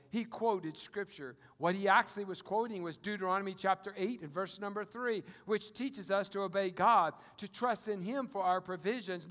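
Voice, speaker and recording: A man preaching a sermon to a congregation, swinging from quiet asides to loud, booming quotations of scripture. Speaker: pastor. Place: auditorium. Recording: long hall reverb.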